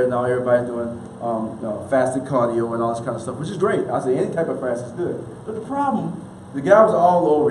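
A man preaching a sermon in a folksy, casual way, acting out quick little voices and laughing often. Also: on the high side, darkish tone. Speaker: minister. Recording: echoey room with faint noise.

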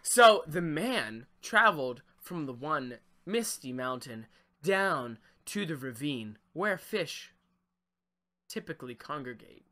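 A man's voice: on the high side, big pitch swings, slow pace, sharp tone. A man co-hosting a comedy podcast, narrating an improvised tale in mock-grand wording with giggles. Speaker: podcast co-host.

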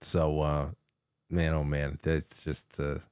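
A man's voice: very deep voice, monotone, slow, darkish tone, smooth, no echo, studio quality. A man hosting a call-in radio show, chatting casually, reading out phone numbers and reacting to callers. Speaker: radio talk show host. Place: radio studio.

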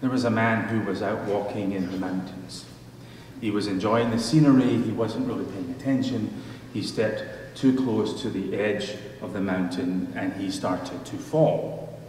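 A male pastor reading scripture and preaching a sermon in a measured storytelling manner, recorded from afar in a church sanctuary. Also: fairly low pitch, darkish tone, a little hiss or hum. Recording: echoey church hall from far off.

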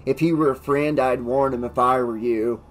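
A man's voice: steady tone, moderate pace, close to an everyday voice. A man doing an eerie, darkly amused guy. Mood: sinister. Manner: darkly amused, drifting into sinister low tones. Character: eerie amused young man, sinister and playful.

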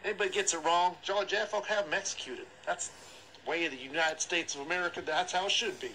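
A man's voice: high voice, fast talker, sharp tone, slight background noise, low-quality recording. A man playing a pompous, self-important joke presidential candidate in a comedy phone message. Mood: boastful.

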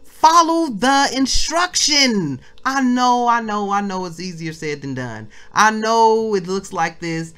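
A woman's voice: mid-range voice, lively intonation, slow. A woman leading a weekly devotional in an impassioned preaching style, repeating phrases and calling her listeners family. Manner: repeats phrases, swings from hushed prayer to loud exhortation; informal, addresses listeners as family. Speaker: ministry leader giving a devotional.

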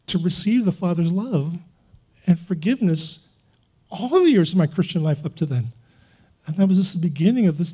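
A high, mellow male voice carries this pastor's earnest, confessional testimony, with the occasional self-mocking chuckle. The sermon recording itself sounds dull and lo-fi. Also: breathy edge.

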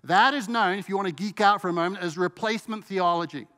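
High-voiced man preaching a sermon. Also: sharp tone, big-room sound. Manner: emphatic preaching, slows down and rises on key words. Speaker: pastor. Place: church sanctuary.

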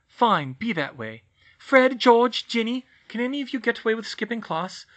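A man voicing a bossy, clever teenage witch girl in an audiobook reading, insistent and brisk. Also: very high-pitched, big pitch swings, fairly bright tone, voice pushed up, exaggerated voice. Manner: brisk, insistent, rises to shrieks. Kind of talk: audiobook reading of fan fiction.

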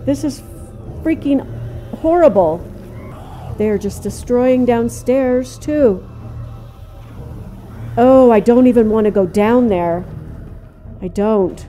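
An older woman giving let's play commentary, jumpy, cursing and talking to the game out loud. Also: on the high side, takes it slowly, pauses often, faint music behind. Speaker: gamer.

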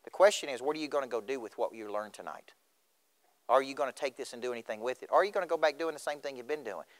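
A middle-aged motivational speaker from Tennessee addresses a school auditorium, putting questions straight to the audience. His voice is medium-pitched and his pace quick, with the room's reverberation audible in the recording.

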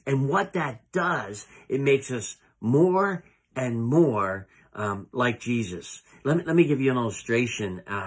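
A middle-aged man preaching a sermon as a pastor, earnest and halting, often repeating words as he goes. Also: mid-range voice, a bit bright, slightly rough. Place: church sanctuary.

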